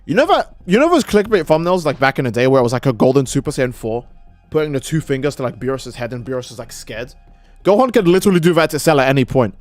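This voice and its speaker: A man's voice: mid-range voice, sing-song, fast, soft background music. A young man streaming a game, rambling and joking with profanity in casual commentary. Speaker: gaming streamer.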